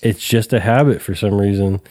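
Mellow, lowish man in casual chat. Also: moderate pace, no room sound, clean studio sound. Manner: laid-back, swears freely. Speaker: podcast co-host.

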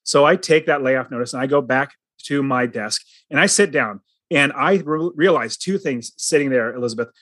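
A man's voice: medium pitch, moderate pace, hardly any pauses, fairly bright tone, dry recording. A middle-aged man telling his personal story as a guest, earnest and dramatic, acting out the lines he quotes.

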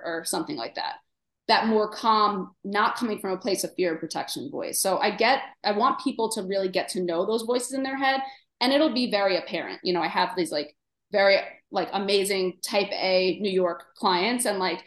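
A woman's voice: medium pitch, brisk, echoey room. A woman nutritionist co-hosting a casual podcast conversation, chatty and full of fillers. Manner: chatty, many fillers, plays inner voices in quotes. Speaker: nutritionist co-host.

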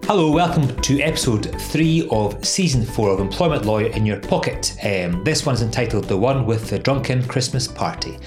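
A man's voice: mid-range voice, expressive, moderate pace, few pauses, over music. A man hosting a legal podcast, chatty and laughing often, with many "um"s. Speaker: podcast host, employment lawyer. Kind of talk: casual legal podcast chat.

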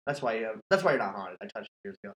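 Lively, foul-mouthed man spinning a spooky tale. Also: on the low side, racing, poor audio. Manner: animated, profane, laughing often. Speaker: podcast host. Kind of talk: casual storytelling chat.

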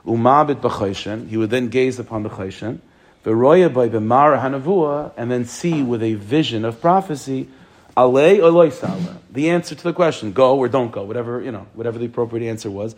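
A rabbi teaching a text class, reading each phrase aloud and then explaining it. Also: male voice, mid-range voice, a little fast, a little mellow. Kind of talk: text study lesson.

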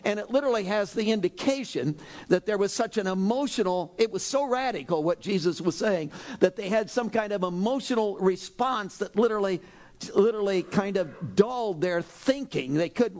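A male preacher delivering a sermon with a high voice that climbs and falls a great deal. He talks in a dramatic, animated way and now and then breaks into loud exhortations. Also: normal speed. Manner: animated, dramatic, shifts into shouted exhortations and acted quotes. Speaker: pastor.

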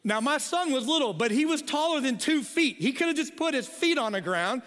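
A man's voice: very high voice, animated, fairly quick, fairly bright tone. A middle-aged man, a pastor, telling a funny family story in a sermon, with frequent "okay?" asides. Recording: long hall reverb.

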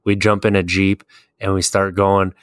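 Low-voiced man chatting casually. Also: normal speed, smooth, no echo, clean studio sound. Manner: relaxed storyteller who laughs at his own stories. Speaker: podcast co-host. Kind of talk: casual chat about video games.

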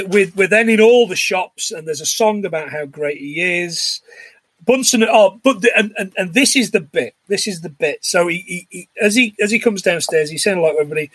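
A man's voice: high voice, brisk, fairly bright tone, slightly rough, no echo. A man co-hosting a podcast, chatting casually and acting out film lines in put-on voices. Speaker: podcast co-host. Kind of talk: casual chat recapping a film.

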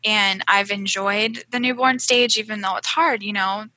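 A woman's voice: medium pitch, fairly even intonation, normal speed, pushed and bright, slight background noise, rough recording. A young woman chatting earnestly about a recent birth, with many fillers and restarts. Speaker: guest sharing birth story. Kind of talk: casual chat.

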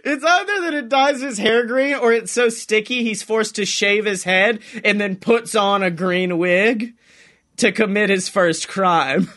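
A young man with a high, bright, ringing voice riffs through a comedic podcast chat. He rambles and swears freely, dropping into little acted-out voices as he spins out a silly story. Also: measured pace. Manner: rambling, swears a lot, acts out voices in quotes. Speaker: podcast co-host.

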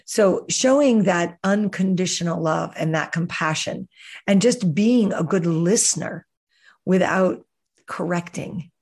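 Woman, wellness podcast host, lowish pitch, unhurried and sincere. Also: breathy edge. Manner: calm, earnest, gently coaching, slows for guided breathing. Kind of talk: reflective podcast monologue. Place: outdoors, hears birds and breeze.

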